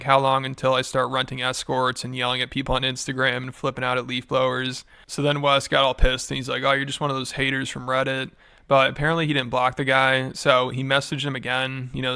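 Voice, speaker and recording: A man narrating a commentary video in a dry, sarcastic, deadpan way. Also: medium pitch, creaky, clean tone, no echo.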